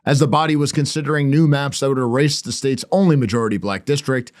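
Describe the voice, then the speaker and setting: A man's voice: mid-range voice, quick pace. Sarcastic male podcast host. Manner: sarcastic, mocking asides. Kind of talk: opinionated commentary.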